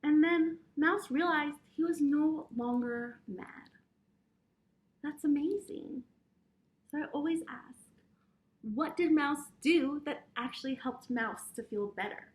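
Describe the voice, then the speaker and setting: Gentle high-voiced woman teaching children. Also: slow. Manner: gentle, encouraging, speaks directly to children. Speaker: preschool teacher. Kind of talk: children's lesson with breathing exercises.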